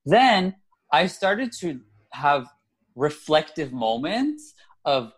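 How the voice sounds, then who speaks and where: A man's voice: on the high side, big pitch swings, takes it slowly, husky. A man co-hosting a casual podcast, talking in a reflective, chatty way and laughing at himself. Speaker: podcast co-host.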